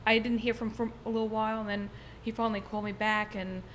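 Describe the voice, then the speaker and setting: A middle-aged woman with a Long Island accent, talking casually and animatedly on a podcast. Her voice sits at an ordinary middle pitch. A faint hiss runs under the recording. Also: fast. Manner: chatty, animated storytelling. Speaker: podcast guest, real estate agent. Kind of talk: casual chat.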